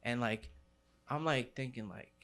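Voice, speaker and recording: A man's voice: medium pitch, measured pace, a bit bright. A middle-aged man from New City, telling his story in an interview with street slang and many fillers. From New York City. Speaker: graffiti writer.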